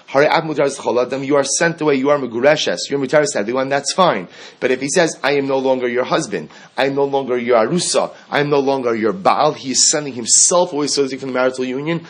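Husky-voiced man teaching Talmud. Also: mid-range voice. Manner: explains text line by line, mixing Aramaic and Hebrew terms into English. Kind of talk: Talmud lesson.

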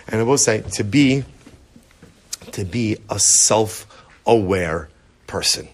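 A middle-aged man teaching a Torah class to his study group, animated and repetitive, often acting out inner voices. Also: on the low side, takes it slowly. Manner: animated, repetitive, acts out inner voices, mixes Hebrew terms.

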